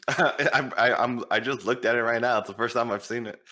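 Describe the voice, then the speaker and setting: A man's voice: mid-range voice, steady tone, normal speed, bright, forceful tone. A man co-hosting a casual podcast, tossing in joking, playful asides. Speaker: podcast co-host.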